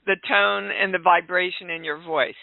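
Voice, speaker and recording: A woman hosting a call-in radio show, chatty and direct, gently scolding her callers. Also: fairly low pitch, steady tone, normal speed, vocal fry, dry recording. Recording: dry, phone-like narrow sound.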